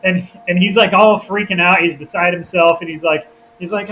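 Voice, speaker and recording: Higher-voiced host chatting over faint hiss. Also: male voice, steady tone, brisk, pushed and bright, rough recording. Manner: chatty, acts out quotes, laughs often. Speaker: podcast host and filmmaker. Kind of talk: casual podcast interview.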